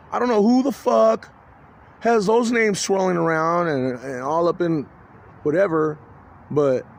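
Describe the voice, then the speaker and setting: High-voiced, agitated, profane man rambling. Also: a little hiss or hum. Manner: agitated, profane, halting with many restarts. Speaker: vlogger. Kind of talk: rambling confessional video monologue.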